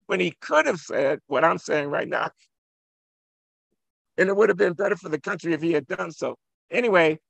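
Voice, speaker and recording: A man's voice: on the high side, vocal fry, dry recording. A man from Chicago, a guest economist on a podcast, arguing provocatively and insisting on finishing his point. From Chicago, USA. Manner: forceful, provocative, holds the floor. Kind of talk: impassioned podcast debate.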